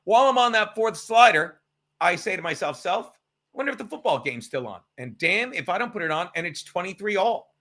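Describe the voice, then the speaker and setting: A man's voice: high-pitched, animated, a little fast, pushed and bright. A man hosting a live stream, rambling and sarcastic, swearing often as he tells stories and reads chat. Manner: rambling, profane, sarcastic storytelling. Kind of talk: casual livestream chat.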